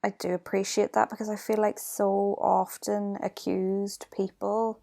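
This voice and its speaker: A woman's voice: mid-range voice, level tone, unhurried, gravelly, mellow. A woman co-hosting a casual podcast, reacting animatedly and joking playfully. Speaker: podcast co-host.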